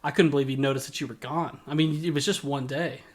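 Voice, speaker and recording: A young man co-hosting a casual podcast, an animated storyteller who laughs often. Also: medium pitch, quick pace. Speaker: podcast co-host. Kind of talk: casual chat.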